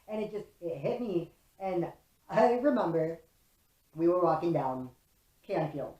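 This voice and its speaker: A young woman from Chicago tells a story in a casual, profane, animated way. Her voice sits a little low for a woman. The room around her rings with a noticeable echo. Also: unhurried. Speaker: vlogger. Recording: roomy echo.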